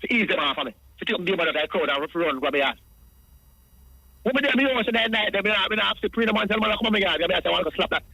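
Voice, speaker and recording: A Jamaican man calls in over the phone and rattles off his account at breakneck speed in a high, bright, sharp voice. He rambles in patois and circles back over the same points again and again. The line sounds dry and close. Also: animated, racing, creaky, no echo, poor audio. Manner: rambling, repeats himself, speaks in patois. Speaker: radio caller.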